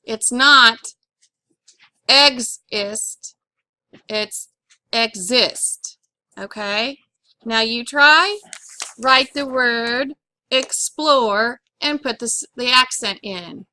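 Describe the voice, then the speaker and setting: Slow, deliberate woman teaching phonics. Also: on the high side, bright, forceful tone, no room sound. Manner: slow, deliberate, spells out letters one by one; clears throat now and then. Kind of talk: classroom lesson on syllable accent.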